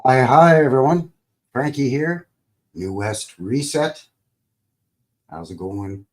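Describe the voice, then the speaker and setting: A man's voice: fairly high pitch, huge pitch swings, measured pace. A man from Calgary hosting a casual livestream, joking, rambling and greeting viewers by name in a folksy way. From Calgary, Alberta, Canada. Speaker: livestream host.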